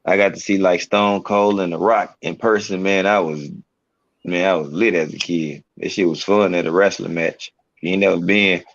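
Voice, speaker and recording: A man's voice: deep voice, fairly even intonation, normal speed, vocal fry, lo-fi sound. A man in casual chat, laid-back and slangy, speaking in an easy drawl.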